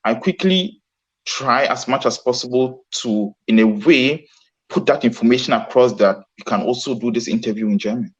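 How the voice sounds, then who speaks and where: A man's voice: medium pitch, normal speed, husky, dull audio. A man answering interview questions earnestly, often restarting his sentences. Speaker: guest. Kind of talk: casual interview.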